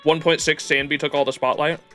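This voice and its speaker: Give me a young male streamer with a bright voice, chatting casually and swearing. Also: a little high, little pitch movement, fairly quick, faint music behind. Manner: casual, rambling, swears often, lots of "like". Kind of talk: live game commentary.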